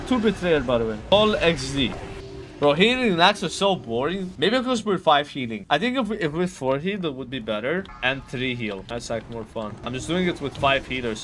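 A man's voice: mid-range voice, fairly bright tone. A man streaming a raid, chatting casually, swearing and saying bro all the time. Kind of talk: casual gaming chat.

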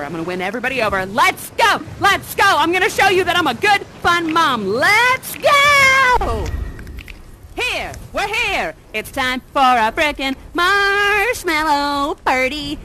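A doting, mischievous exiled mother sorceress in live interactive theater. Her voice sits high and bright, leaping wildly in pitch as she coaxes and teases with playful drama. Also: animated, moderate pace, hardly any pauses, slight background noise. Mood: excited cheerful. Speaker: immersive theater actor.

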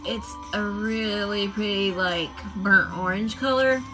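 A woman chatting casually on a live stream, showing off her craft supplies in a drawn-out, enthusiastic way. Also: mid-range voice, music in the background, rough recording.

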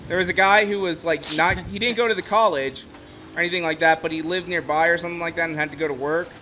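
Brief: young male streamer, high, bright voice, excitable and rambling, casual game chat. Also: quick pace, a little hiss or hum. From Ohio, USA. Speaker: gameplay streamer. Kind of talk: casual gameplay commentary.

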